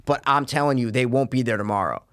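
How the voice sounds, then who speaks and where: A man rattles off a story at a quick clip, his voice set in the middle of the range. He acts out each back-and-forth, jumping into the other characters' lines, and swears freely as he goes. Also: mid-range voice, fairly bright tone. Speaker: guest telling a story. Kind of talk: casual storytelling chat.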